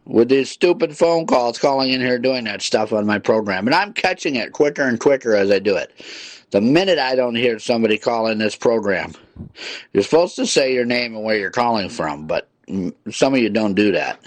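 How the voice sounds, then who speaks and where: A man's voice: mid-range voice, dry recording. A male call-in radio host scolding prank callers in an irritated, repetitive way. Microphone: studio mic with headphones.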